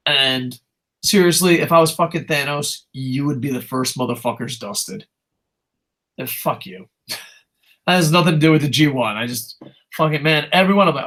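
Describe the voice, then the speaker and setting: A young man co-hosting a casual wrestling podcast, ranting in a profane, animated way. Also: fairly high pitch, moderate pace. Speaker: co-host.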